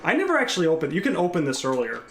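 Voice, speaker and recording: Rapid-fire and wildly swooping in pitch, a slightly high male voice rings through an echoey room with slight background noise. This gameplay streamer rambles casually through live commentary, reading and replying to his chat.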